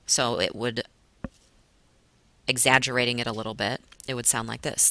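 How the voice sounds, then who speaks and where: A young woman teaching a class, her voice bright and clear. She explains patiently, now and then slowing down to stretch out a word. A classroom lecture style with plenty of "um"s. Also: extremely low pitch, steady tone. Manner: patient explaining, stretches words to show stress.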